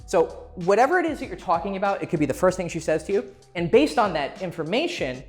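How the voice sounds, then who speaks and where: Soft music sits under this clip of a high-voiced man speaking quickly with big pitch swings. Talking to camera, he offers casual, blunt dating advice, cursing freely and acting out what people say.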